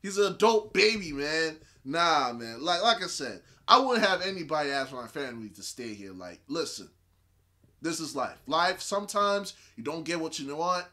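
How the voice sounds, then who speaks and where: A man hosting a reaction video, talking through his thoughts in a casual, animated way and repeating short phrases. His voice is bright, and his pitch rises and falls a lot. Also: normal speed.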